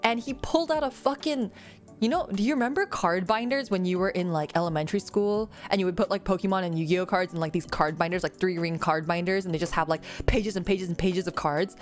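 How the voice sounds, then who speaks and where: A woman's voice: lowish voice, brisk. Young woman vtuber chatting, giggly and rambly, faint music behind. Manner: rambling, giggly, many fillers and restarts. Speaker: VTuber streamer. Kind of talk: casual Q&A chat.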